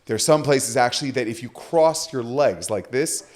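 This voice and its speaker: Animated man telling stories. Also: medium pitch, moderate pace. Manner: lively storyteller, acts out quoted voices. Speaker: rabbi, podcast guest. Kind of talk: animated storytelling in conversation.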